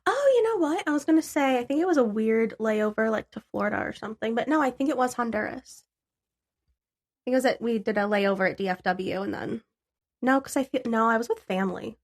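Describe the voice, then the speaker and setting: A woman's voice: a little high, animated, brisk. Laughing, swearing woman podcast co-host. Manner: laughs often, swears casually. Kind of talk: casual chat, then reading researched history.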